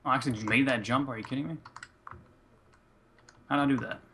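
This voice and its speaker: A man's voice: mid-range voice, steady tone, fairly quick, vocal fry, fairly bright tone, a little hiss or hum. A man co-hosting a video game let's play, chatting casually and teasing his partner, then signing off the episode. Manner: joking, teasing, wraps up the episode. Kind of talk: casual gameplay chat.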